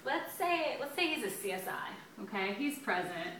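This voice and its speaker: A woman's voice: on the high side, very animated, moderate pace, a bit bright, distant mic, a little hiss or hum. Upbeat woman teaching in an echoey room. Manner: chatty, upbeat, stretches out words while writing. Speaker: grammar teacher. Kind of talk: classroom lesson at a whiteboard. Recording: echoey room, voice a bit off-mic.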